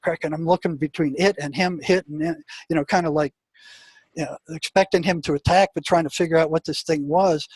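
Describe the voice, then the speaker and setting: Older man with a husky, high voice. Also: no echo. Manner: animated storyteller who acts out quotes and sound effects; halting, repeats words as he recalls. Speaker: retired psychotherapist, guest. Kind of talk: conversational storytelling interview.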